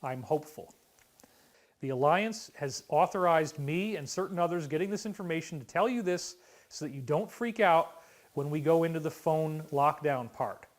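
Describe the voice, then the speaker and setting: A middle-aged man with a fairly high voice talks in a long, rambling monologue. He shifts between quiet, hushed asides and heated exclamations. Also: moderate pace. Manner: emotional, swings from hushed to exclaiming. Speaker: speaker on conspiracy theories.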